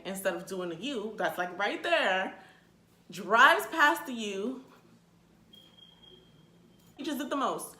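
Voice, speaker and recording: A young woman tells a funny story straight to the camera, animated and quick to swear. Her voice is bright and sharp. The sound echoes around the room. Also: medium pitch. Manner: animated, swearing, exasperated outbursts. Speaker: vlogger. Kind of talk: comedic storytime rant.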